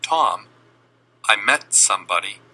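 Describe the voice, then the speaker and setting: Brief: soft-spoken, determined sister, a man reading her part. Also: fairly low pitch, lively intonation, a little slow, voice pushed down, full character voice, low-quality recording. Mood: earnest. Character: shy grown woman asking her brother's approval.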